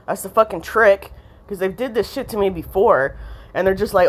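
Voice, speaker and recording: A woman vents in a heated, profane vlog rant. She rambles and swears constantly, and her voice sits at an ordinary middle pitch. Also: moderate pace. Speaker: vlogger.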